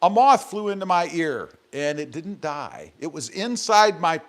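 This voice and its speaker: A man chatting casually as he hosts a live stream from his garage. He reads out viewer comments one by one, joking and rambling between them, with a voice pitched a bit high for a man. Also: lively intonation, measured pace, a crowd in the background. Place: home garage.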